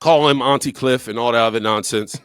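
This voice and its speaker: A man's voice: medium pitch, fast talker, fairly bright tone, clean tone, no room sound, studio quality. A man co-hosting a podcast, telling a story bluntly and repeating words for emphasis. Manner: profane, blunt. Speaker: podcast co-host. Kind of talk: casual storytelling chat.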